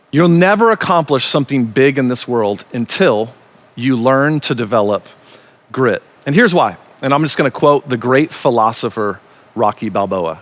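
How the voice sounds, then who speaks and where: A man, a pastor, preaching a recorded sermon in an emphatic, conversational way, slowing down to stress key words and dropping in casual asides. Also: medium pitch, fairly bright tone.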